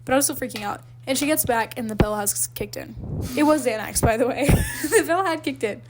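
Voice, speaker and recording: A young woman co-hosting a podcast, speaking in a slightly high voice. She rambles through a personal story in casual chat, leaning on fillers and laughing along the way. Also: lively intonation, a little fast, noisy background. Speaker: podcast co-host.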